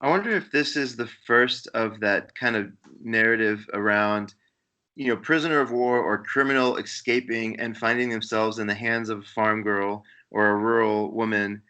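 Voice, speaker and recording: A man's voice: fairly low pitch, steady tone, normal speed, pushed and bright. A man co-hosting a podcast, musing reflectively in casual film chat. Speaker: podcast co-host.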